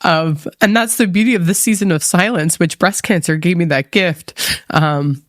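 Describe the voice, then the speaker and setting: A woman's voice: on the low side, normal speed, no room sound, studio quality. A middle-aged woman speaking as a podcast guest, earnest and openly emotional, with many fillers as she talks. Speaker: podcast guest, mindset coach. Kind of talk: candid interview conversation.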